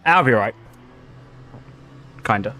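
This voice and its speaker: Animated young man streaming sim racing. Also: lowish voice, unhurried, a little hiss or hum. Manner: chatty, thinks aloud while setting up. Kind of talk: casual livestream chat. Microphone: headset.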